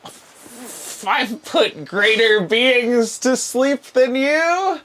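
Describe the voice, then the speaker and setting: A man voicing a panicky male enemy spellcaster in a tabletop game, with a shrill, strained voice. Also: drawn-out words, a bit bright, heavily acted. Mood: taunting.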